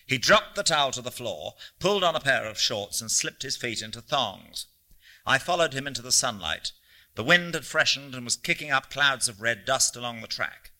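A man narrating a literary audiobook in a measured, descriptive reading. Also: mid-range voice, lively intonation, sharp tone.

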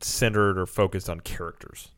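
A man's voice: low voice, fairly even intonation, normal speed, fairly bright tone, dry recording, clean studio sound. A man co-hosting a casual chat full of theme park tips, rambling with fillers. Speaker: co-host.

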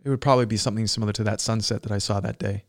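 A man's voice: lowish voice, steady tone, very fast, no room sound, clean studio sound. A man telling a personal story in casual conversation, reflective and searching for words with frequent fillers.

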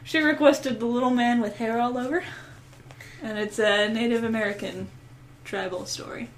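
A woman's voice: on the high side, steady tone, moderate pace, a little hiss or hum, low-quality recording. A woman co-hosting a podcast, trading laughing, self-mocking banter in casual chat. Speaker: podcast co-host.

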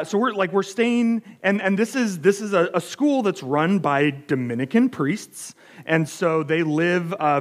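An American man giving a sermon, telling a story in a chatty, self-deprecating way with many fillers. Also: on the high side. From United States. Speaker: pastor.

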